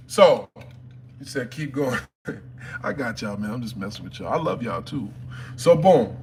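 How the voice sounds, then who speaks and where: A man from Harlem, hosting a phone livestream from home and telling a story in an animated, profane way that swings from loud to hushed. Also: medium pitch, unhurried, long pauses. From Harlem, New York.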